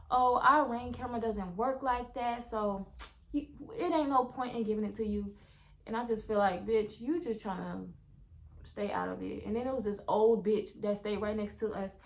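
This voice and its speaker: A young woman, casually telling viewers a story in a vlog, animated, full of slang and swearing. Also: on the high side, fairly quick. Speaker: vlogger.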